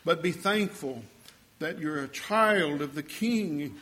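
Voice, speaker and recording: A man's voice: a little high, expressive, takes it slowly, fairly bright tone, breathy edge. An older man preaching a sermon, telling a story in a folksy way and building to fervent exhortation.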